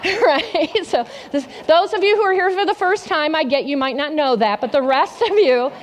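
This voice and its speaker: A woman's voice: sits high, lively intonation, moderate pace. A woman pastor giving an interactive sermon in a church, asking the congregation questions and repeating their answers back. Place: church sanctuary.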